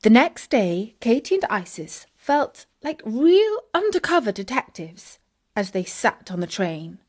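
A woman's voice: fairly high pitch, big pitch swings, a little slow. Woman reading a kids' story. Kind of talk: children's audiobook narration.

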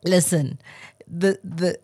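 A woman's voice: on the low side, slow pace, mellow. A woman from South Africa co-hosting a morning radio show in casual chat. She laughs often and restarts her sentences.

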